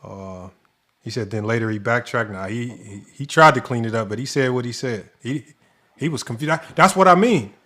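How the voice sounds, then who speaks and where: Laughing, animated man talking basketball. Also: mid-range voice, moderate pace. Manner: animated, laughing storyteller, swears freely. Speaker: basketball coach and podcast co-host. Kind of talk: casual sports talk.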